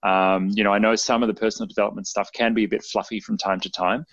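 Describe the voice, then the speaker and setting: A lower-voiced man hosts a podcast and talks in an encouraging, halting way. The recording is dry and slightly dull. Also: level tone, a bit bright, no echo. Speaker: podcast host. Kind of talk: casual podcast interview.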